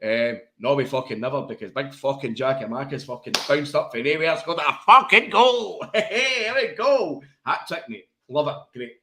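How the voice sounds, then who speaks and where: A man's voice: mid-range voice, animated, moderate pace, hardly any pauses, bright, forceful tone. A Scottish man co-hosting a casual football podcast, full of laughter and sweary banter. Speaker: podcast co-host. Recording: echoey room.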